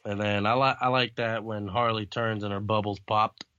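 A man's voice: lowish voice, steady tone, moderate pace, bright, forceful tone, clear, resonant tone, dry recording, dull audio. A man casually chatting about a comic book, swearing often and laughing along. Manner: profane, laid-back, laughing often.

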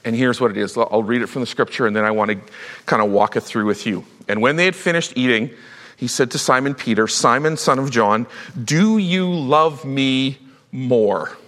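A male pastor preaching a sermon, telling a Bible story with lively acted-out voices. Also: medium pitch, brisk, in a large hall. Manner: animated storytelling, acts out Bible characters.

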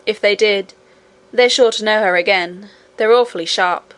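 A woman's voice: mid-range voice, moderate pace, a bit bright, natural voice. A woman voicing a brave, cheerful twelve-year-old miner boy who speaks confidently and matter-of-factly in an audiobook. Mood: firm. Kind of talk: audiobook character reading.

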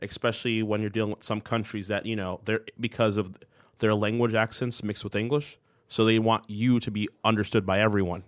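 Low-voiced man in casual chat. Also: steady tone, a little fast, no echo, clean studio sound. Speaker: co-host.

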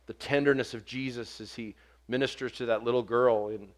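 A man preaching a sermon, earnest, building to forceful emphasis and dropping soft on quoted words. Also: mid-range voice, steady tone, a little fast. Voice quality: short stature mentioned, not vocal.

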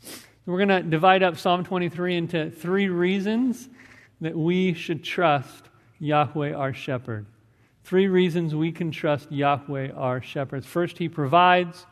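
Man preaching in a reverberant sanctuary. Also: fairly high pitch. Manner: earnest, measured preaching with scripture reading and prayer. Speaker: pastor. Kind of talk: sermon. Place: church sanctuary. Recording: church sanctuary with long reverb.

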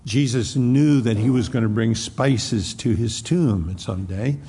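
Male preacher with a gravelly, husky voice, retelling scripture in a reverberant hall. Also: medium pitch, measured pace, dark tone. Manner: storytelling, frequent restarts, acts out quotes. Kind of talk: expository sermon.

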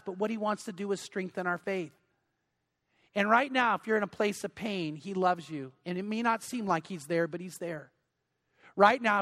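Male pastor, high voice, earnest sermon delivery with pleading repetitions. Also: fairly bright tone. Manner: earnest, pleading, repeats words for emphasis.

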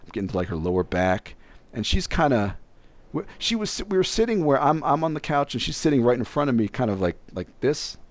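A man's voice: mid-range voice, fairly quick. A young man telling a casual story, acting out other people's lines as he goes. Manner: animated, acts out other people's voices.

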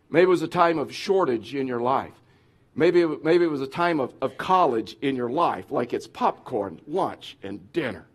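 A middle-aged man preaching as a pastor, lively and conversational, now and then acting out whiny complaining voices. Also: medium pitch. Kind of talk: sermon.

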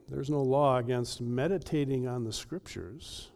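A male pastor preaching an earnest sermon with emphatic delivery and dramatic pauses. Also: medium pitch, gravelly, darkish tone.

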